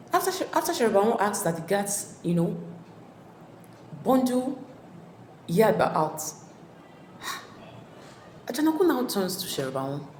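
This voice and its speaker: A woman's voice: on the low side, darkish tone, slight background noise. A woman tutor giving a hesitant plot summary, full of fillers and checks that her listeners follow. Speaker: literature tutor. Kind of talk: exam-prep plot summary. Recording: echoey room with long reverb.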